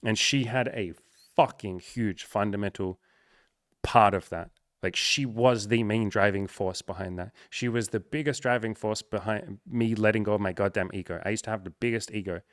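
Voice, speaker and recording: A man's voice: lowish voice, steady tone, moderate pace, no echo. A young man speaking candidly and emotionally to camera, swearing freely and close to tears. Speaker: coach and content creator. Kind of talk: emotional personal talk to camera.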